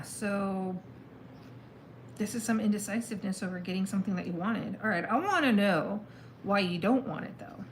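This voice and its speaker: A woman reads tarot cards in a loose, chatty way, mulling things over out loud. Her voice sits in an average middle pitch. A faint hum of room ambience stays in the background. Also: poor audio. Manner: chatty, thinks aloud, exclaims at the cards. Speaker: tarot reader. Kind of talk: casual live tarot reading.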